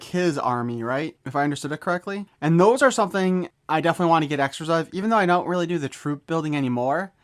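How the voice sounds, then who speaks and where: A man with a slightly raised voice gives a casual hands-on toy review. He rambles loosely, cracks jokes and drops the odd swear word. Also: on the high side. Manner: joking, rambling, offhand swearing.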